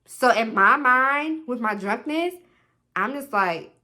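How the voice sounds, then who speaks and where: A young woman telling a dramatic storytime on her vlog, animated and leaning on "literally" and "like". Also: a little high, unhurried. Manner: animated, dramatic retelling with put-on quoted voices; repeats "literally" and "like" constantly. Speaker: vlogger.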